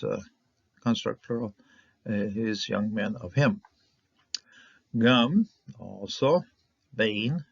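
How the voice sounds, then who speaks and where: Gravelly man slowly teaching Hebrew words. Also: on the low side, no echo, muffled recording. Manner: halting, many fillers, sounds out syllables slowly. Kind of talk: casual Bible Hebrew lesson.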